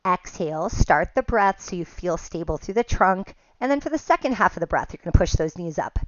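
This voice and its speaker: A woman teaching a pilates class, giving calm step-by-step cues and counts, a little out of breath at times. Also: fairly low pitch, brisk, dry recording, dull audio. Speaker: pilates instructor. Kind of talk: guided exercise class cues.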